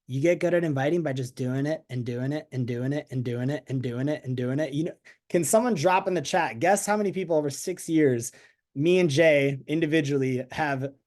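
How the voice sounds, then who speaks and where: Energetic man leading a team call. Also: on the high side. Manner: energetic, chatty, asks the audience. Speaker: network marketing team leader. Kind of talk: motivational team call talk.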